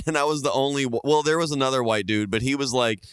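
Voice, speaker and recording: A man's voice: medium pitch, a little fast, fairly bright tone, smooth, no echo, studio quality. A man co-hosting a podcast, telling stories in a laid-back way and laughing often. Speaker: podcast co-host. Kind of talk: casual podcast chat.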